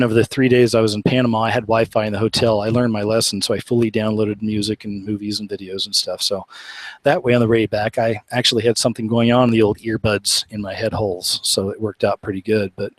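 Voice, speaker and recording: Hosting a live stream, this Oklahoma man chats in a casual, rambling, earnest way and laughs a lot. His voice is fairly low; the audio is poor but has no echo.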